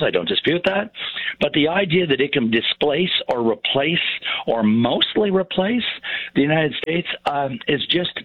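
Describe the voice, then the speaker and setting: A man's voice: on the high side, no echo. A man in his sixties, a professor on radio commentary, talking emphatically with sarcastic asides and many fillers. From Canada. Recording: tinny phone line.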